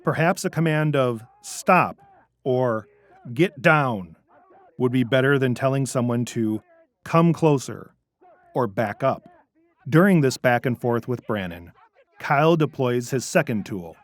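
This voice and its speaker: A man narrating a scripted training video in a measured, instructive way. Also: mid-range voice, lively intonation, no echo.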